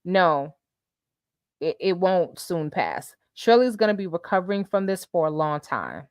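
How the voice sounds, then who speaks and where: A woman hosting a casual live stream, reading messages and viewer comments aloud with animated, laughing commentary. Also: fairly low pitch, unhurried, no echo, clean studio sound.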